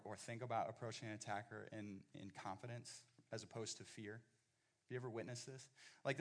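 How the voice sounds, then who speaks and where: A middle-aged male pastor preaching a sermon, often repeating and restarting his words as he builds up, at times nearly shouting. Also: on the low side. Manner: animated, repeats words, rising to near-shouting.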